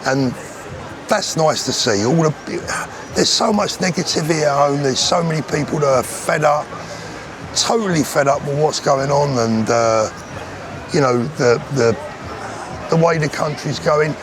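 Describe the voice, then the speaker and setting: A man's voice: fairly high pitch, unhurried, crowd noise. An English man vlogging outdoors to a handheld camera, joking and rambling in a casual comic way. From England. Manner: jokey, rambling, chatty. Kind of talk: casual comedic vlog to camera. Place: busy street outdoors. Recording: outdoor street noise behind.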